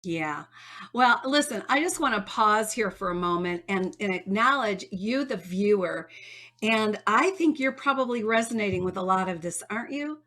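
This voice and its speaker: A woman's voice: medium pitch, animated, moderate pace, bright, forceful tone. A woman hosting an interview show, affirming her guest and laughing often. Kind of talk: casual interview talk.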